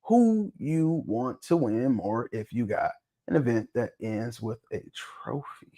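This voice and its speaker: A man hosting a casual talk show discussion, talking bluntly and swearing freely, with an animated, preaching tone. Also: mid-range voice, slow pace. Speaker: podcast host.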